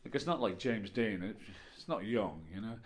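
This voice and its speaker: A man's voice: lowish voice, moderate pace, noisy background. A man in his fifties with an Irish accent, performing a stand-up comedy routine with wry, rambling storytelling and playful asides. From Ireland. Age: 50s.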